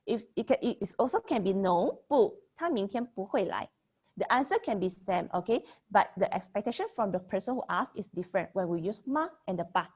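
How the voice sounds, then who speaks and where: A young woman teaching Mandarin grammar in an online lesson, explaining slowly and checking in with "okay?" as she repeats example sentences. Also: medium pitch, animated, a little mellow, slightly rough.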